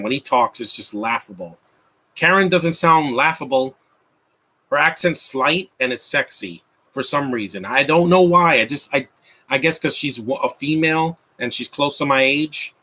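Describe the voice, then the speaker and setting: A man's voice: mid-range voice, normal speed, pushed and bright. A man in his thirties giving a rambling, mocking live commentary over a movie, with frequent restarts. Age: 30s. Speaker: film commentator.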